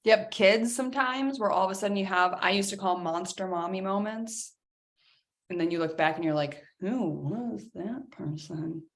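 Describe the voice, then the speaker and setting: Picture a middle-aged woman leading a live self-help session, speaking plainly and conversationally. She slips into little acted-out bits of dialogue to make her points, keeping an easy, animated delivery. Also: mid-range voice, fairly quick. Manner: animated, acts out quoted dialogue in other voices. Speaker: host of a self-help workshop. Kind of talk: live coaching talk.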